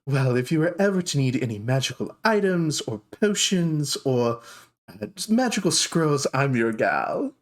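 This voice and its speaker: Man doing a high, gushing dark elf enchantress, posh and flirty, for a tabletop game. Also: big pitch swings, a little slow. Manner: theatrical, drawling "darling".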